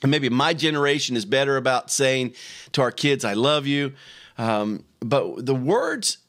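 A man's voice: mid-range voice, animated, a little slow, fairly bright tone. A middle-aged man preaching a sermon as pastor, talking in a conversational way with frequent restarts and repeated words.

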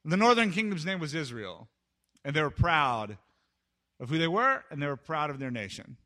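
A man delivers a storytelling sermon in a high, very bright voice. He swings from near-shouted lines to hushed, drawn-out pauses. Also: very animated. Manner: dramatic, swings between loud outbursts and hushed pauses. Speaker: preacher.

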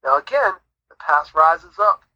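A man's voice: high voice, animated, measured pace, pushed and bright, dry recording. A man giving his faith testimony as an interview guest, in an earnest, preacherly storytelling manner, on muffled audio. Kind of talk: conversational Christian testimony.

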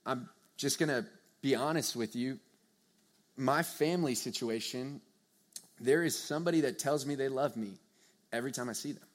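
A young man preaching a sermon to a live audience, earnest and conversational, swinging from hushed to loud emphasis. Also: mid-range voice, moderate pace, pauses often. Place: church or meeting hall with a live audience.

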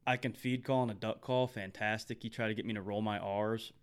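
A man's voice: on the low side, fairly even intonation, a little fast, a little hiss or hum. A man from Texas, co-hosting a casual podcast in a chatty, self-deprecating way. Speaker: podcast co-host.

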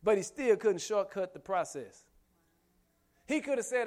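A man's voice: high-pitched, lively intonation, measured pace, a little mellow. A man preaching a sermon with emphatic rhetorical questions and humorous asides. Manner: humorous asides, laughs often.

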